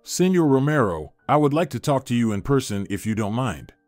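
A man's voice: mid-range voice, very animated, a little fast, a little mellow, no room sound, soft background music, natural voice. Courteous businesslike woman on the phone, read by a man. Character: woman phoning from a fancy household.

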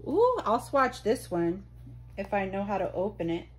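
A woman's voice: mid-range voice, big pitch swings, normal speed, slightly rough. A woman vlogger chatting casually as she unboxes mail, gushing and exclaiming often. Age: adult.

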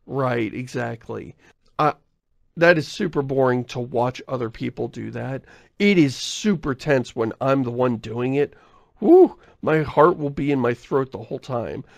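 A podcast host chatting casually in a rambling, self-interrupting way, often laughing and reading listener mail. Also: male voice, mid-range voice, moderate pace, gravelly, dry recording, studio quality. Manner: reads listener mail aloud.

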